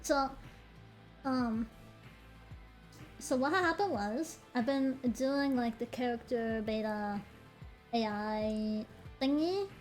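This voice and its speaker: Animated, foul-mouthed young woman streamer. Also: on the high side, soft background music. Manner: animated, swears freely, quick laughing asides. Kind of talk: casual stream chat, storytelling.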